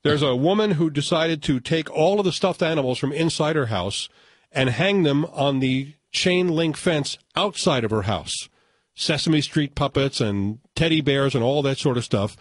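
A man's voice: a little high, moderate pace, no room sound. An older man hosting a radio show, telling stories in casual banter and chuckling as he puts on voices for callers. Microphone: studio microphone.

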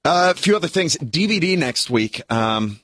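A man's voice: a little high, very animated, moderate pace, fairly bright tone, dry recording, studio quality. A man co-hosting a radio chat, giving blunt, clipped opinions on films. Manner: blunt, short verdicts. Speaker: radio co-host. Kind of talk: casual chat.

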